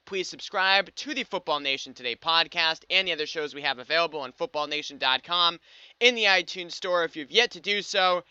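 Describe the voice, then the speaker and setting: A man's voice: on the high side, a little fast, bright, forceful tone, clear, resonant tone, dry recording. A young man from the United States hosting a sports podcast, talking upbeat and wry with frequent fillers. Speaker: podcast host. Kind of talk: scripted sports podcast monologue. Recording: slightly dull dry podcast audio.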